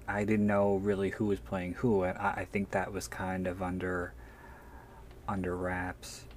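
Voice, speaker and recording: A man's voice: low voice, completely flat delivery, a little slow, a little hiss or hum. A man, an author, telling a story in a candid, self-deprecating way and swearing freely. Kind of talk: casual anecdotal storytelling.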